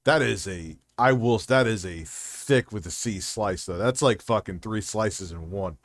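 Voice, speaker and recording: A man's voice: fairly low pitch, unhurried, no echo. A man hosting a stream, ranting with sarcastic, incredulous reaction commentary and heavy swearing. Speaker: streamer host.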